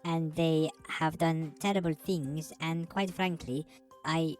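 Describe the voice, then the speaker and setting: A woman's voice: low voice, fairly even intonation, slow, a little mellow, faint music behind. A woman voicing a small, earnest, fussy ship cleaner in a tabletop role-play, rambling and chatty with formal phrasing.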